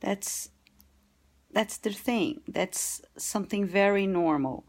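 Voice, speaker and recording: A woman talking casually about caring for her baby while holding and rocking her at home, gentle and unhurried with frequent pauses. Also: fairly low pitch. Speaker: vlogger and new mother. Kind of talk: casual parenting advice vlog.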